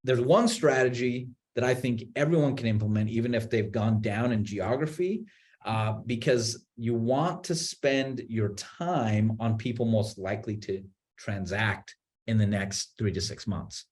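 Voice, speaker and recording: Animated man explaining marketing. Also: mid-range voice, unhurried. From Utah. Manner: animated, many restarts and repeated words. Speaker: marketing executive guest. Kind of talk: webinar interview, explaining.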